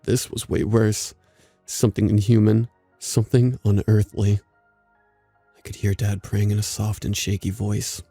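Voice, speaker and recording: A man narrating a scripted horror story in a steady, measured way. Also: fairly low pitch, husky, dry recording, soft background music.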